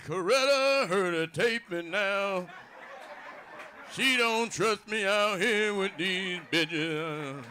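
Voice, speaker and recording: A man's voice: high voice, slow pace, bright, forceful tone, a little hiss or hum. A man doing a stand-up routine on a club stage, drawing out his lines and acting out voices. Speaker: stand-up comedian.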